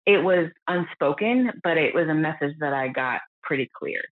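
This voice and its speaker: A woman's voice: animated, moderate pace, no echo. Earnest woman on a tinny, dry line. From United States. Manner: earnest, reflective, quotes others in lowered voices. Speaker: guest. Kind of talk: candid podcast conversation. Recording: dry, phone-like lo-fi audio.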